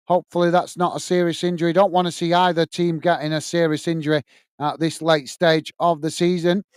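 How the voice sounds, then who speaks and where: A man's voice: a little high, clear, resonant tone, no room sound, clean studio sound. A man from England hosting a live football watch-along, commentating on play and reading out viewers' messages in a chatty, friendly way. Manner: chatty, thanks viewers by name, calls them mate.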